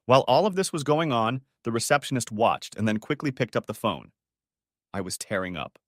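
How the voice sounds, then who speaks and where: A man telling a dramatic family story in the first person, his voice rising and falling with feeling. The sound is dry and close, with mid-range pitch that moves a great deal. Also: very animated, fairly quick, dry recording. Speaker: audiobook narrator.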